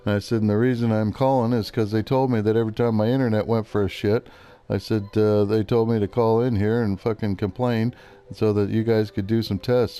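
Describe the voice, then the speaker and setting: A man's voice: on the low side, dark tone, clear, resonant tone. A man ranting in a casual chat while gaming, swearing constantly and retelling an argument line by line.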